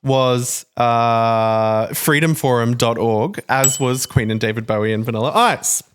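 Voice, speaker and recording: A woman's voice: a bass voice, unhurried, slight background noise. A woman co-hosting a podcast in casual chat, reading facts out and then riffing on them. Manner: chatty, reads facts out then riffs. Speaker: podcast co-host.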